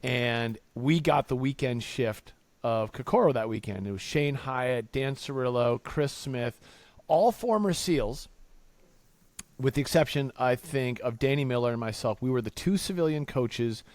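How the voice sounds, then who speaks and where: A man's voice: mid-range voice, unhurried, darkish tone, no echo. Man hosting a podcast, dry close sound. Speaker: podcast host. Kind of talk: casual chat.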